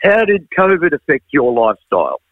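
A man co-hosting an interview, asking questions and telling a story in an animated way. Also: a little high, fairly quick, no echo, narrow, tinny audio.

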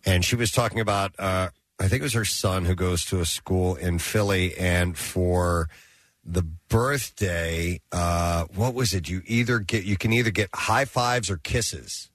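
A man's voice: sits low, unhurried, a bit bright, no room sound. A man hosting a radio talk show, chatting loosely and taking callers. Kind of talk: casual chat. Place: radio studio.

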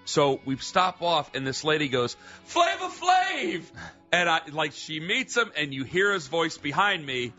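A man tells an animated story on sports radio, acting out each line of dialogue. His voice is a little high and bright. The sound is slightly muffled, with faint music behind him. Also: normal speed, few pauses. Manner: animated storyteller, acts out quotes. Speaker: radio contributor. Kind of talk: telling an anecdote on radio.

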